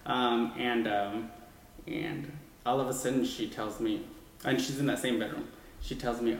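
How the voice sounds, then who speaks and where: Man, mid pitch, animated rambling storyteller, roomy long-reverb sound. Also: normal speed. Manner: animated, rambling with many restarts. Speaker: guest sharing a ghost story. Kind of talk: casual storytelling. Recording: echoey room with long reverb.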